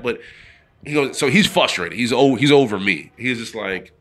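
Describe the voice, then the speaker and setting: A man's voice: deep voice, steady tone, fairly quick, fairly bright tone. A middle-aged man, a former pro football player, telling a long story in a casual interview and acting out the voices of the people in it.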